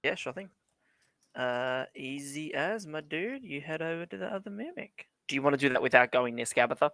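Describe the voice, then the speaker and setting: A man's voice: on the high side, expressive, moderate pace, creaky, a bit bright, no room sound. A man narrating as dungeon master in a tabletop game, loose and laughing as he jokes with his players.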